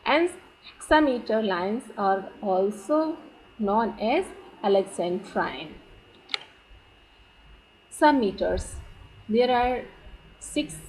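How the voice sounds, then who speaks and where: A woman teaching poetic meter from slides, speaking slowly and deliberately and leaning on key terms. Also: medium pitch, a little mellow, slight background noise, poor audio. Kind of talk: slide lecture on poetry.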